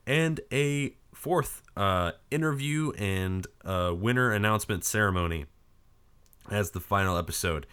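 A man hosting a podcast in casual chat, hoarse from a cold, joking crudely and rambling. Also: deep voice, a bit bright. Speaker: podcast host.

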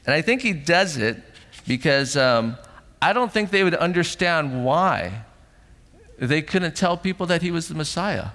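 A middle-aged man preaching a sermon as pastor in a church sanctuary, animated, acting out voices and asking rhetorical questions. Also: fairly high pitch, measured pace. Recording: long hall reverb.

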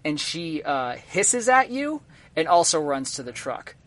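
A man running a tabletop game as game master, narrating the scene in a halting way full of ums and uhs. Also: fairly high pitch, very animated, a bit bright, dry recording.

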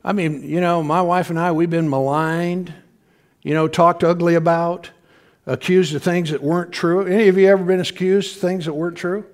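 A man's voice: high-pitched, steady tone, moderate pace. A middle-aged male pastor giving a sermon in a church, talking in a conversational way, often asking the congregation questions and chuckling. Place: church sanctuary.

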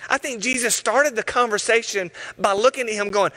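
Bright, animated man preaching a sermon. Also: sits high, fairly quick, few pauses. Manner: animated storytelling, acting out voices, dropping to hushed tones. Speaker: pastor.

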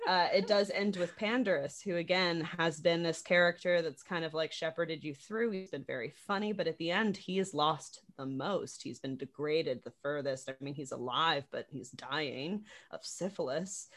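A woman with a low-pitched voice talks through a stage production in relaxed conversation. She is animated, laughs often and circles back with fillers and restarts as she thinks aloud. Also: normal speed, hardly any pauses. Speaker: theater practitioner discussing a production. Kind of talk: casual conversation about a play.

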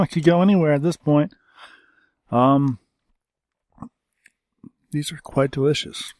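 A man co-hosting a podcast in casual chat, taking his time and teasing with a dry, drawn-out delivery. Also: fairly high pitch, fairly even intonation, a little mellow, no echo. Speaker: podcast co-host.

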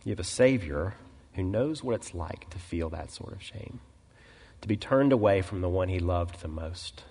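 Low-voiced man preaching in a reverberant hall. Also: dark tone. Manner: storytelling, acts out quoted voices; clears his throat often. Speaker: pastor. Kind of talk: sermon. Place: church sanctuary.

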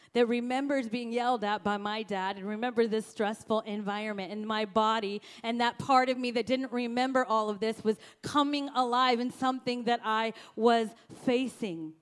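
A woman pastor preaching a sermon, telling stories in an animated way and speaking directly to the congregation. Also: fairly high pitch. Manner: animated storytelling, addresses congregation.

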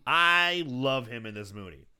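A man's voice: medium pitch, a little slow, clean tone. A man co-hosting a casual podcast, recapping a film with lots of swearing and acted-out lines. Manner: animated, swears often, acts out quoted lines in bursts. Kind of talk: casual chat.

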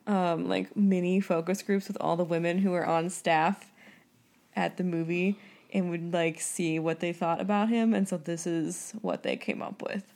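A woman co-hosting a casual podcast, talking in a relaxed way and saying "like" often. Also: on the low side, moderate pace, creaky. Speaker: podcast co-host. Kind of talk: casual chat.

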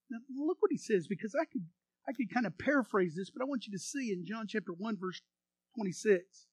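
A male pastor preaching an animated sermon, acting out voices from the story and leading the congregation in repeating phrases. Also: high-pitched, a little fast, no room sound.

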